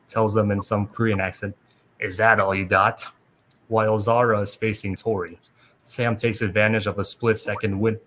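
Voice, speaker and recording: A man hosting a podcast, reading a plot recap aloud in a steady way with small restarts. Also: on the low side. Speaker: podcast host.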